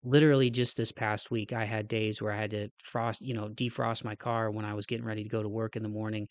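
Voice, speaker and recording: A man's voice: fairly low pitch, flat delivery, fast, dry recording. A man hosting a podcast, a casual outro, with a nasal, stuffed-up voice, a little out of breath, talking in an earnest, rambling way and often adding "man.". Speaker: podcast host.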